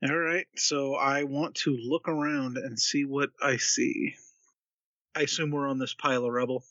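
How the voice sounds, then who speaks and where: A man's voice: medium pitch, steady tone, normal speed, pushed and bright, dry recording, lo-fi sound. A man playing a tabletop game in casual, rambling speech that stumbles over words. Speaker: player.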